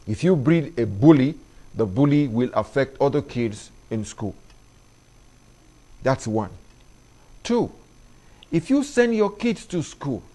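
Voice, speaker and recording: A middle-aged man, hosting an opinion monologue addressed to parents in an emphatic, preachy way that climbs in pitch on his key points. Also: a little mellow. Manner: preachy, emphatic, rises sharply when stressing points. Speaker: commentary show host.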